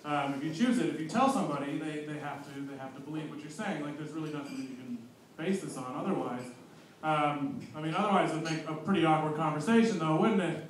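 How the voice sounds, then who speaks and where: A man's voice: a little high, quick pace, slight background noise. A man doing a stand-up comedy set on a club stage, rambling and self-mocking with plenty of fillers. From abroad, living in New Zealand a year. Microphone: handheld stage mic. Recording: roomy club sound from far off.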